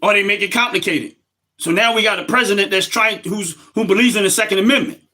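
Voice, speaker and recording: Man, middle-aged, casual livestream host, emphatic, high bright voice. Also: fast talker. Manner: animated, emphatic, talks straight to viewers.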